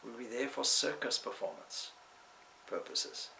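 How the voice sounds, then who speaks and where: A man's voice: mid-range voice, animated, a little slow, gravelly, bright, forceful tone, slight background noise, low-quality recording. A man, a swami, giving a spiritual talk indoors in a discursive way, weaving in stories and side remarks. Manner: discursive, with asides and restarts.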